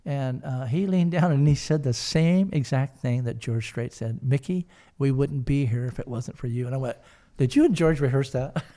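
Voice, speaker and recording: A man's voice: mid-range voice, steady tone, moderate pace, few pauses, dark tone. An older man telling a long personal story in an interview, rambling with many fillers and restarts. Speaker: guest, son of the founders.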